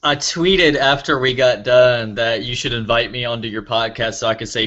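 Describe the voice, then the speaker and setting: A man's voice: medium pitch, fairly even intonation, normal speed, few pauses, pushed and bright, lo-fi sound. A man co-hosting a casual hip hop podcast, talking in a playful, joking way. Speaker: podcast co-host.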